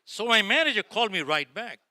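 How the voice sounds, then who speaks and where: A middle-aged man speaks to a live audience in a bright, sharp voice with a wide, swinging pitch, telling his story with drama and playing every part himself. His voice sits a little high for a man. The sound is dry and close, with little room echo. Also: sing-song, fairly quick. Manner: dramatic, addresses audience as folks, acts out dialogue. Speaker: motivational speaker. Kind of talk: motivational keynote storytelling. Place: lecture hall before a live audience.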